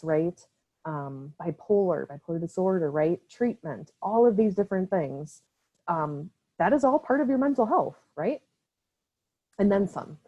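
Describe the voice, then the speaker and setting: A young woman from Wisconsin with an Upper Midwest accent gives an online training talk for a mental health nonprofit, speaking casually with many fillers and a frequent "right?". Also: fairly low pitch. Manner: casual, filler-heavy, often tags "right?". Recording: slightly dull lo-fi call audio.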